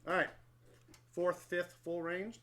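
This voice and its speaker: Middle-aged horn guy talking thru his practice routine, kinda high voice, laid back and honest about his slips. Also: flat delivery, slow, a bit bright. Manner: candid, self-deprecating, thinks aloud with restarts. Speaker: brass player demonstrating his practice routine. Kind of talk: casual instructional talk.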